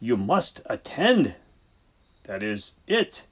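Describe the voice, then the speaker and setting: A man voicing a preachy, husky senior vet. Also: medium pitch, expressive, moderate pace, voice pushed up. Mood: lecturing. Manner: brusque, preachy, theatrical. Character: exasperated, lecturing senior country vet, man. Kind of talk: audiobook character voice.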